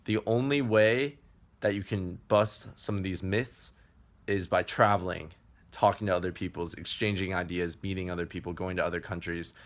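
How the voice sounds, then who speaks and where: A man's voice: deep voice, steady tone, moderate pace. An American man from Chicago hosting a travel fitness vlog, talking earnestly and casually to camera, often repeating and restarting phrases. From Chicago, United States. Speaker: travel fitness vlogger, host.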